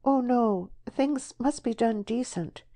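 A woman's voice: on the high side, slow pace, no room sound, studio quality, pitched above the performer's own voice. Shy young village woman, rural dialect, hesitant; woman reader. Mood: pleading. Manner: soft, hesitant country dialect.

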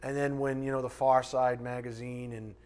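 A man's voice: mid-range voice, flat delivery, normal speed, a little mellow. A man preaching a live sermon from a church pulpit, emphatic and conversational with mocking asides. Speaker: pastor.

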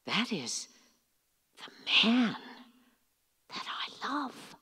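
A woman voicing an elderly mother in a soft, slow, barely voiced whisper, as part of a live reading. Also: fairly high pitch, sing-song, breathy edge, pitched above the performer's own voice, exaggerated voice. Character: elderly mother, dreamy, hushed and far away.

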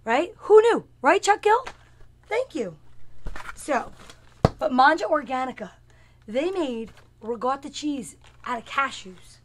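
A woman's voice: sits high, expressive, slow pace, a little hiss or hum. A woman in her fifties, a comedian hosting her own show, chatting casually with viewers by name in a rambling, playful, self-mocking way. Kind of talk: casual comic live chat with viewers.

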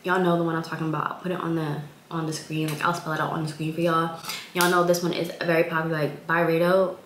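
A woman's voice: sits low, little pitch movement, quick pace, echoey room, noisy background. A young woman in her twenties, chatting casually on a vlog in a rambling way with lots of fillers, sounding congested. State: congested, recovering from illness. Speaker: vlogger.

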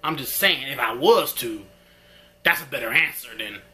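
Guy doing an excited episode recap, bouncy pitch, bright voice. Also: normal speed. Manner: animated, slangy retelling with frequent laughter. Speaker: episode reviewer. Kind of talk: casual recap and commentary.

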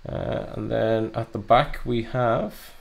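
Young man, card-break host, upbeat and chatty, gravelly edge. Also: medium pitch, steady tone, slow pace. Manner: chatty, upbeat, lots of fillers. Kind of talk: live card break commentary.

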